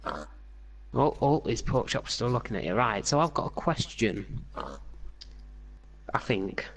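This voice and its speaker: A man's voice: mid-range voice, animated, slow, gravelly, slightly rough. A young man hosting a casual podcast, rambling with many fillers and restarts. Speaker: podcast host. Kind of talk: casual chat while gaming.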